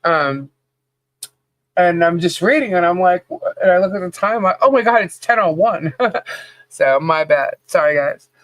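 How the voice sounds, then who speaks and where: A woman's voice: fairly low pitch, moderate pace, pauses often, no echo. Woman chatting on a live podcast stream, greets chat by name, laughs a lot, dry close sound. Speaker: podcast co-host. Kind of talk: casual livestream chat.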